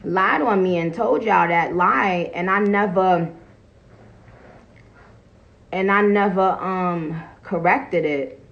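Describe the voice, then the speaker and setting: A woman with a gravelly voice full of fry, chatting casually on a phone livestream from home. She is blunt and swears freely. She laughs often and stops mid-thought to greet her viewers. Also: on the low side, takes it slowly, long pauses, dull audio, a little hiss or hum. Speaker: live streamer greeting viewers.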